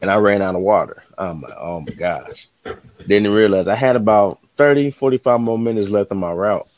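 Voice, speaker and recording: A man co-hosting a podcast, telling a story in casual chat and acting out the quotes with lively energy. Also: fairly low pitch, fairly quick, no room sound, low-quality recording. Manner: animated storyteller, acts out quotes. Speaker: podcast co-host.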